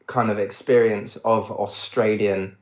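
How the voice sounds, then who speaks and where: A young man, co-host of a travel podcast, telling stories in a casual, animated way and laughing often. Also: on the low side, measured pace, reverberant, muffled recording. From England.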